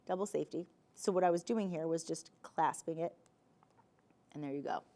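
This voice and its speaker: A woman with a New Jersey accent hosting a live TV shopping show, chatty, playful and emphatic as she pitches jewelry in a studio. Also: moderate pace, warm tone. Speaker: shopping channel host.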